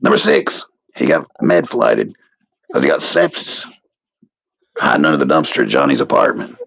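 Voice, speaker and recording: A man's voice: very deep voice, huge pitch swings, moderate pace, gravelly, fairly bright tone, breathy edge, no echo, lo-fi sound. A man co-hosting a podcast, casually reading a list and joking crudely. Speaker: podcast co-host.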